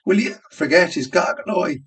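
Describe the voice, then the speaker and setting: A shrill, giggly young barmaid with a lilt, put on by a man reading aloud. She is fussy and prim, squealing her protests in a raised voice. The voice sits a little back from the mic. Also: sing-song, measured pace, far from the mic, full character voice.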